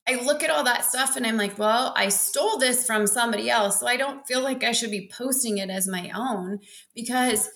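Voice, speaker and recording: A woman teacher from Montana appears as a podcast guest in a casual interview chat, self-deprecating and laughing often while acting out bits of dialogue. Her voice is on the high side, fairly bright, and moderately paced.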